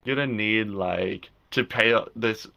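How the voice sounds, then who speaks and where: Young male guest, low gravelly tone with a bright edge, loose rambling delivery full of restarts. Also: measured pace. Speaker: guest filmmaker. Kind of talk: casual interview chat.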